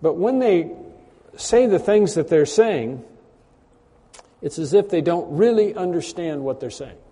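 A man preaching a conversational sermon, often clearing his throat and repeating words. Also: on the high side, lively intonation, measured pace, dark tone. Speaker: pastor. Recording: long hall reverb.

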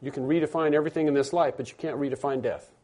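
A man's voice: on the high side, fairly even intonation, rapid-fire, mellow. A man preaching a sermon in a conversational way, repeating himself, restarting phrases and rising to emphatic lines. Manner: rises to emphatic stressed phrases. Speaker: pastor.

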